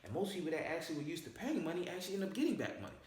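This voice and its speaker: A man's voice: sits high, very animated, rapid-fire, darkish tone. A man presenting a casual money-saving explainer, stressing each point and checking in with "all right?" and "okay?". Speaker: personal finance presenter. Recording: very echoey room.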